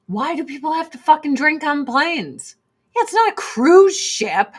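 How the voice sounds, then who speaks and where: This vlogger's voice sits high and is very animated, though her delivery is a little slow. She does her makeup while ranting to camera in a casual, exasperated, profane and blunt way.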